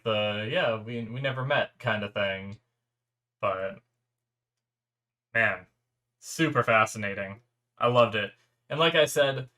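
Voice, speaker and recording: A man's voice: mid-range voice, sharp tone. A man hosting an anime reaction channel, talking through his thoughts on a finale in casual, earnest commentary, rambling and restarting as he searches for words. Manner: earnest and reflective.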